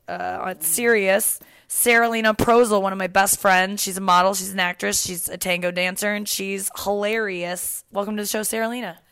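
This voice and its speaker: Young woman, podcast host, casual chatty talk, dry close sound, middle pitch. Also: a bit bright, clear, resonant tone, no echo. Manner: chatty, laughing, swearing freely. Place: apartment couch.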